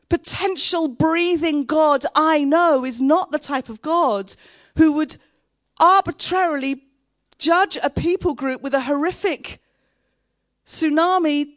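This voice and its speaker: Slow, heartfelt woman preaching. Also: high-pitched, no echo, clean studio sound. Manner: earnest, heartfelt, pausing between phrases. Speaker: pastor. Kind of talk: sermon with personal story.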